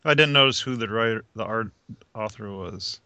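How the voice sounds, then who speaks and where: Chill guy talking comics, laughs along, bright voice, dry sound. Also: on the low side, moderate pace, no room sound. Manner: easygoing, laughs along, explains things plainly. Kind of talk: casual comic book chat.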